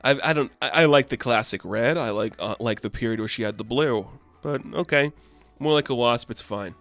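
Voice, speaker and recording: A man's voice: mid-range voice, moderate pace, a bit bright, dry recording, faint music behind. A man casually reviewing a comic book with enthusiasm, talking in a loose, filler-heavy way.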